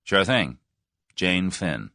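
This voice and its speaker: A brash, impatient young American man speaks bluntly and forcefully, as a male narrator voices him. The voice sits low but swings widely. The sound is dry and close. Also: big pitch swings, slow, vocal fry, dry recording, heavily acted. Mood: brusque.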